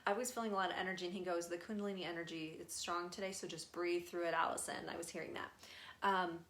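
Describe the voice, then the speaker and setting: A woman's voice: on the low side, fairly even intonation, fast, fairly bright tone. A young adult woman, a spirit medium, chatting through a live channeling session, relaying messages with lots of fillers and giggles.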